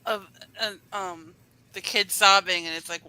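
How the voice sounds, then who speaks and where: Quiet woman with a bright, clear voice. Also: medium pitch, fairly even intonation, measured pace, low-quality recording. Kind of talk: casual chat.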